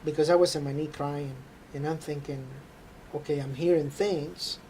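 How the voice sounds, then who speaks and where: A man telling an earnest, halting faith testimony. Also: on the high side, fairly even intonation, mellow, slight background noise. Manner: halting, earnest storytelling with frequent hesitations. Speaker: interview guest.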